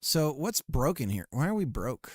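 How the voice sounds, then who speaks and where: A man's voice: medium pitch, very animated, moderate pace, no room sound, clean studio sound. A man streaming, chatting casually and muttering to himself as he works on a game. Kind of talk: casual chat while working on a game.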